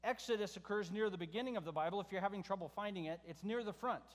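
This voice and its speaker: A man preaching a verse-by-verse sermon, conversational, often asking the congregation questions and shifting his pitch for emphasis. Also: quick pace. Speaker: pastor. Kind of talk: expository sermon. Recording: reverberant hall sound.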